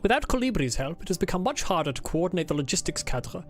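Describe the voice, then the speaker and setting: A woman's voice: on the low side, very animated, fast talker. A woman voicing a pompous, insufferable male officer as she reads his game diary aloud in a stiff, formal put-on accent.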